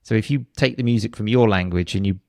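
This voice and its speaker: Gravelly low-voiced man teaching pronunciation. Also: fast, a little mellow, no echo, clean studio sound. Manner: demonstrates pronunciation by repeating words with shifted stress; frequent restarts and hesitations. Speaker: English pronunciation teacher, podcast guest. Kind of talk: explaining a course in an interview.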